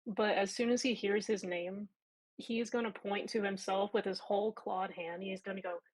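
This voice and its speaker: A woman player describes her monster character's actions in a vivid, playful way. Her voice sits in a middle pitch for a woman. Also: fairly even intonation, moderate pace, poor audio.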